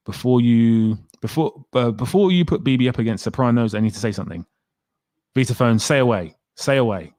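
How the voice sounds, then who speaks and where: A man's voice: mid-range voice, no echo. A man hosting a casual livestream, chatting and reading viewer comments aloud in a rambling way. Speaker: livestream host.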